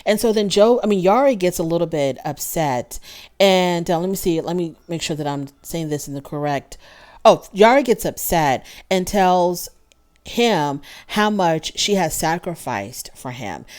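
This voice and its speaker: A woman hosting a casual reality TV recap, opinionated and animated, thinking aloud with restarts. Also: on the low side, a little slow. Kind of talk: casual commentary.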